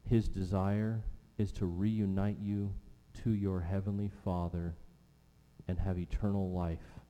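Guy preaching a sermon, kinda low mellow voice, repeats stuff for emphasis, big echoey church. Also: flat delivery. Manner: emphatic, repeats key phrases, slows down for weight. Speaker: pastor. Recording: long reverb of a large hall.

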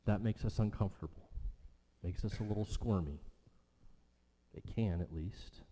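A man's voice: fairly low pitch, moderate pace, warm tone. A man preaching a sermon as pastor, with an emphatic delivery that rises and falls. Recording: long church hall reverb.

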